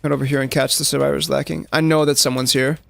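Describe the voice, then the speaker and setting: Gravelly gamer, chatty. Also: male voice, mid-range voice, little pitch movement, quick pace, fairly bright tone. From South Africa. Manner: casual, chatty, lots of "like" fillers, addresses chat. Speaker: streamer. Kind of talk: live gameplay commentary.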